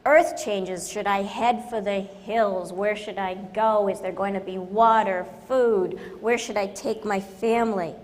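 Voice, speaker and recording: A woman's voice: medium pitch, fairly even intonation, measured pace, few pauses. A woman business consultant giving a humorous conference talk, joking and self-deprecating, with emphatic stresses. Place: large conference hall. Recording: reverberant conference hall, faint noise.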